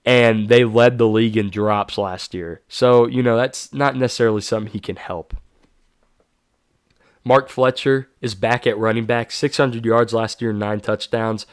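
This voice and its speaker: A man's voice: medium pitch, steady tone, moderate pace, clean tone, no echo, clean studio sound. A man hosting his own sports show, giving casual, self-correcting predictions and hyping players. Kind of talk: solo sports prediction talk.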